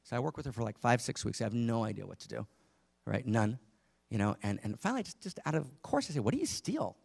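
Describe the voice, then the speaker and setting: A man's voice: medium pitch, expressive, fast talker, vocal fry. A man giving an impassioned spiritual teaching talk to a live audience in a room, asking many rhetorical questions.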